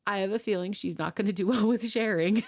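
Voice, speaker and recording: A woman's voice: mid-range voice, a little fast, darkish tone. A young woman co-hosting a podcast, telling a family story in casual chat, laughing often and acting out what people said. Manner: laughing storytelling, acts out dialogue. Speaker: podcast co-host.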